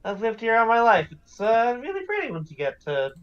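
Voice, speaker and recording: A game master speaking haltingly in a casual tabletop session, full of "uh" and "um". The pitch moves a lot, and the sound is dull and lo-fi. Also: wildly swooping pitch. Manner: halting, with many "uh" and "um".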